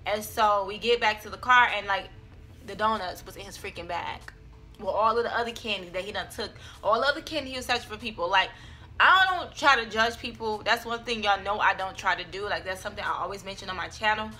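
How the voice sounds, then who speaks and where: A woman's voice: mid-range voice, fairly quick, pushed and bright, soft background music. A young adult woman telling a personal story on her vlog, in a chatty, dramatic style full of fillers. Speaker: vlogger.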